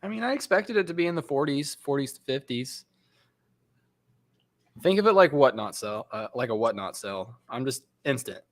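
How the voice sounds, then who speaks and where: A man's voice: mid-range voice, expressive, normal speed, dry recording. Man co-host with a dry, close sound, casual and full of fillers. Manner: casual, filler-heavy, saying "like" and "bro" a lot. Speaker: co-host of a live reselling stream. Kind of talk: casual livestream chat.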